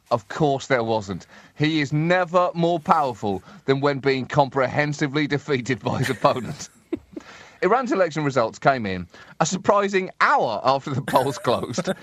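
Sardonic, animated comedy co-host man. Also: mid-range voice, no echo. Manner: sardonic, animated, laughs through his lines. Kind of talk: satirical comedy banter.

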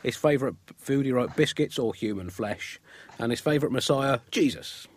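A man's voice: mid-range voice, moderate pace. A man co-hosting a satirical comedy podcast, delivering absurd jokes in a dry, mock-formal way.

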